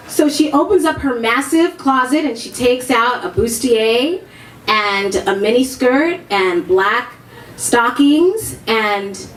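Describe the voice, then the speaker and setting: A woman tells a profane comic story live before an audience, frank and dropping deadpan asides. Her voice sits high and takes its time. The hall is roomy and audience noise murmurs behind her.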